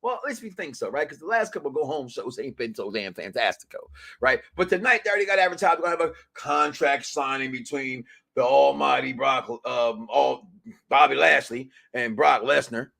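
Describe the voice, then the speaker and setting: A man hosting a wrestling talk podcast, talking loosely in slang, jumping between excited shouts and muttered asides. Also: medium pitch, moderate pace, gravelly. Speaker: podcast host.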